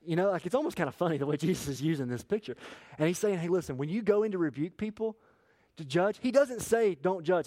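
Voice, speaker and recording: Young male pastor, sermon delivery: animated and conversational, slightly high voice, close dry sound. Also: dry recording. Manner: conversational, animated preaching with asides and quick shifts in loudness. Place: church.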